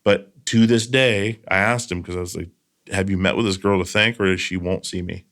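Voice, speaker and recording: A man with a lowish voice hosts a casual podcast chat. He tells stories earnestly and drifts into loose asides. The sound is a close studio microphone. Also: steady tone, normal speed, fairly bright tone. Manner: storytelling, earnest, trailing asides. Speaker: podcast host.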